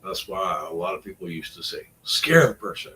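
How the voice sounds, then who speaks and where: A man's voice: deep voice, very animated, normal speed, sharp tone, rough recording. A middle-aged man rambling in a casual vlog, wry and self-deprecating, trailing off between thoughts. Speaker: vlogger.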